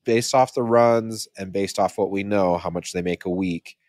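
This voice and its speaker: A man's voice: low-pitched, fairly even intonation, normal speed, darkish tone, no room sound, studio quality. A man co-hosting a podcast in casual chat, rambling and often correcting himself mid-sentence. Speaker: podcast co-host.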